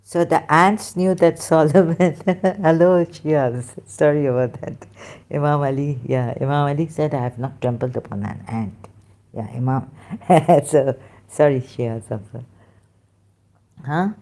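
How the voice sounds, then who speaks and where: Woman reading scripture slow, stops and starts, chuckles a lot, dark mellow tone. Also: low voice, steady tone. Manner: halting, self-interrupting, chuckling. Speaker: religion critic. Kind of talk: reading scripture aloud with commentary.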